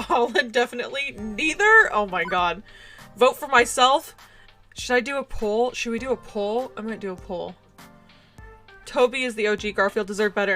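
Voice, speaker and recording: Giggly young woman streamer, slightly high. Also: fairly bright tone. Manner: giggly, chatty, self-deprecating. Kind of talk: casual livestream chat while playing a game.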